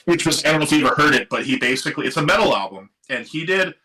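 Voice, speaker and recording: Speaking very fast in a slightly high, bright and forceful voice, a middle-aged Seattle-area man works through a long story as the guest musician on a casual live-streamed interview. He acts out the characters with lively voices and curses now and then. A live stream mic picks him up in rough quality.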